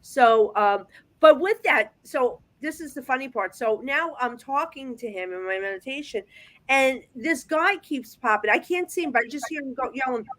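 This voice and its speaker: A woman's voice: sits high, moderate pace. Chatty storytelling psychic woman. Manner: chatty, animated storyteller with frequent restarts. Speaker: psychic medium guest. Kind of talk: casual storytelling chat. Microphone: video call.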